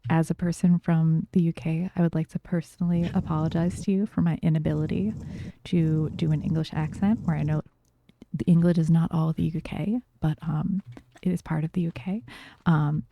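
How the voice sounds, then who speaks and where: A woman's voice: deep voice, fairly even intonation, normal speed, gravelly, warm tone. A woman with a New York accent chatting loosely while streaming a game, with lots of fillers. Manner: chatty, loose, filler-heavy, laughs easily. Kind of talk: casual gameplay streaming chat.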